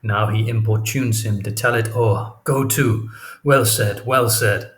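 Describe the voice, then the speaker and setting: A man's voice: fairly low pitch, steady tone, a little slow, close to an everyday voice. A man doing a brooding, jealous general. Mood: bitter aside. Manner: bitter, muttering asides. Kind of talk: audiobook character reading.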